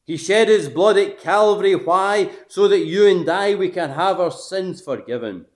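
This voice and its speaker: Male preacher, fairly high voice, swells to forceful peaks then drops to hushed endings, asks his listeners questions. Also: measured pace. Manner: emphatic, rising to forceful peaks and dropping to hushed phrase endings. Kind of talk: gospel sermon.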